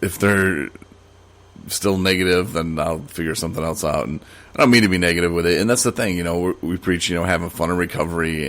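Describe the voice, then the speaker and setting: A man with a low, slightly bright voice hosts a podcast solo, speaking casually in a rambling monologue full of fillers and restarts.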